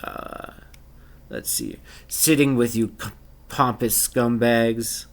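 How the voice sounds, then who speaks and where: A man's voice: medium pitch, steady tone, slow. A man voicing an angry, scarred bugbear chief who sneers insults in a tabletop game. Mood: contemptuous. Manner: spits contempt, sneering.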